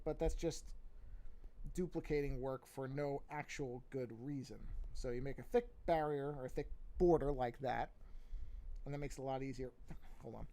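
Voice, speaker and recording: Middle-aged guy rambling on a drawing stream, kinda high voice, keeps correcting himself. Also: warm tone. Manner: rambling, self-correcting, chatty asides. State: yawning, a bit sleepy. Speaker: artist streaming a drawing session. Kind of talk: casual rambling chat while drawing.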